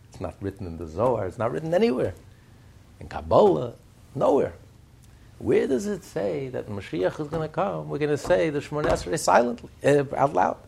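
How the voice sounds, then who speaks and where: A man gives a Chassidic Torah lesson in a gravelly, husky voice. His pitch swings widely as he tells stories. He keeps pressing his listeners with rhetorical questions. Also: sing-song, moderate pace, long pauses, a little mellow. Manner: fires rhetorical questions, storytelling. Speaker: Torah teacher.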